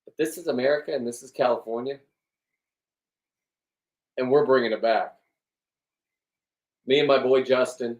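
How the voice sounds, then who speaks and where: A man's voice: medium pitch, steady tone, moderate pace, pauses often, a little mellow. A middle-aged man in a rambling, blunt vlog monologue, swearing often and restarting his sentences. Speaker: vlogger. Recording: echoey room, distant from the mic.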